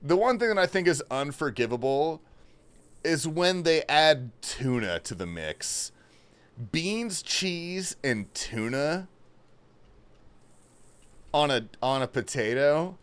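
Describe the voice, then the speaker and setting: A laid-back man on a gaming livestream, talking casually to his chat. His pitch is lively and moves a lot, and he sprinkles in swearing along with bro and man. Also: slow, pauses often, smooth.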